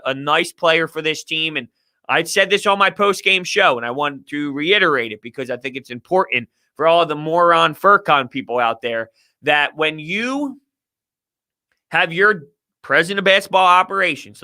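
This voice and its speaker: A male sports talk host riffs on viewer questions with fired-up, opinionated energy. His voice sits high for a man and comes across piercingly bright. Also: moderate pace. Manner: animated, opinionated ranting. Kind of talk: live-stream sports talk.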